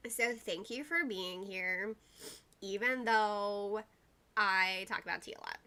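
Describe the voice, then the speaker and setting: A woman's voice: mid-range voice, takes it slowly, sharp tone. A woman hosting a casual livestream, rambling chattily and greeting viewers by name. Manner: uses y'all and like often. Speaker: livestream host.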